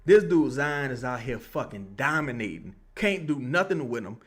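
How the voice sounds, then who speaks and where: A man's voice: mid-range voice, very animated, normal speed. A young man watching a basketball game and reacting live, swearing a lot and ranting in bursts. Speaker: basketball commentator streamer.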